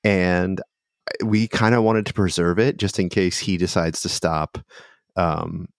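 Guy hosting a podcast, low voice, talks fast and animated, keeps restarting. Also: creaky, smooth, no room sound, studio quality. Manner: animated, laughing, many restarts. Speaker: podcast host and dungeon master. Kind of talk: casual chat.

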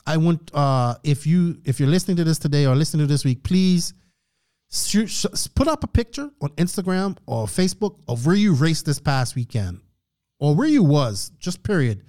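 A man's voice: fairly high pitch, a little mellow. Man giving a preachy motivational rant. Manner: preachy, motivational, frequent throat clearing. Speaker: podcast host. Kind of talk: casual podcast rant.

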